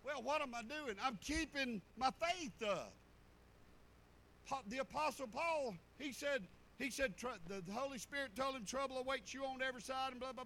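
A middle-aged pastor preaches in a high, bright voice, telling homespun stories in a folksy way. Faint noise sits under the recording. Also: male voice, poor audio. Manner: folksy storytelling preaching with rural dialect. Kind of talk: sermon.

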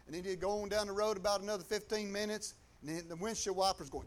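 High-voiced Southern man telling a testimony. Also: quick pace, hardly any pauses. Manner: folksy, colloquial, acts out others' voices. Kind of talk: testimony storytelling.

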